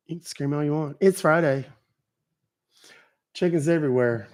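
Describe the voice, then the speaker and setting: A man's voice: a little high, normal speed, pauses often, darkish tone. Joking, foul-mouthed male stream host. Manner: joking, profane, chatty with the audience. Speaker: livestream host. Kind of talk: casual live-stream chat.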